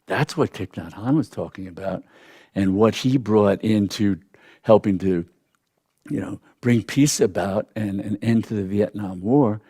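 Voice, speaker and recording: An older man giving a spiritual teaching talk as a meditation teacher, reflective, pausing with soft hums. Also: lowish voice, breathy edge, no echo, studio quality. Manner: reflective, with soft "mm" and "hmm" pauses.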